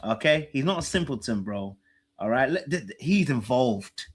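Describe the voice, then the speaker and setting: Animated man hosting a reaction show. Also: mid-range voice, normal speed, slightly rough. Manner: animated, teasing, laughs, mimics people in a hushed voice. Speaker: podcast host reacting to a dating show. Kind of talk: casual reaction commentary.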